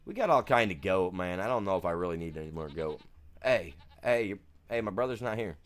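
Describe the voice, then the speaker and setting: A gaming streamer plays a farming game, chatting in a laid-back, rambling, slangy way. His voice sits low, with lively intonation and a brisk pace.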